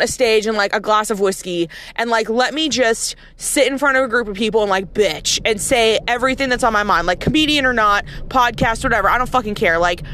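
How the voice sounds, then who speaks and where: Blunt, foul-mouthed higher-voiced woman ranting. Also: a bit bright, dry recording. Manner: blunt, profane and sarcastic. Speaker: nurse. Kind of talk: casual rant to camera.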